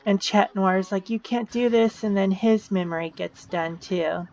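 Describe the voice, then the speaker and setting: A woman's voice: fairly low pitch, no echo. A woman casually narrating a game story, explaining events with fillers and repeated words, on a dull lo-fi recording. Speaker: video narrator.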